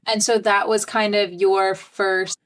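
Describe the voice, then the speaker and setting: A young adult woman hosting a podcast, gently affirming and asking rambling follow-up questions. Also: mid-range voice, flat delivery, slow pace. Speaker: podcast host. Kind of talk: casual interview chat.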